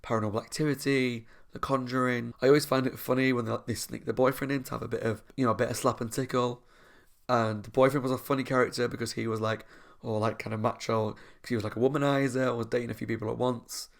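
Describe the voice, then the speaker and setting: A man's voice: medium pitch, flat delivery, fast, creaky. A young man, chatting enthusiastically and a little ramblingly as he ranks episodes. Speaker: YouTube reviewer. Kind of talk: casual chat.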